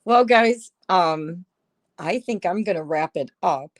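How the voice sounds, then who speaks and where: A woman with a slightly low voice and an unhurried pace, chatting casually to her livestream viewers. She talks into her phone's microphone with no room echo, and she is sarcastic and laughs a lot. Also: expressive. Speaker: livestream host. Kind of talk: casual live-stream chat.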